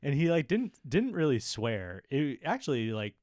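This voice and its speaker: A man's voice: medium pitch, big pitch swings, moderate pace, a little mellow, no room sound, studio quality. A man cohosting a casual podcast, telling a story in a wry way and chuckling as he goes. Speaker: podcast co-host. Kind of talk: casual chat.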